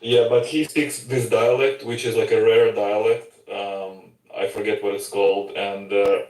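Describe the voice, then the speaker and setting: Man, low-ish voice, hesitant, lots of "like" and "you know", echoey distant mic. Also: level tone, measured pace, darkish tone. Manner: hesitant, heavy filler words. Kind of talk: casual podcast chat. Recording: roomy sound from a distance.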